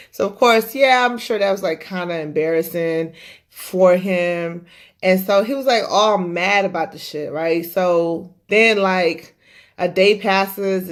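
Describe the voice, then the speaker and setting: Lowish-voiced woman telling a story on her podcast, swearing a lot, very animated. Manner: animated, profane, conversational. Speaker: podcast host. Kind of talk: casual storytelling.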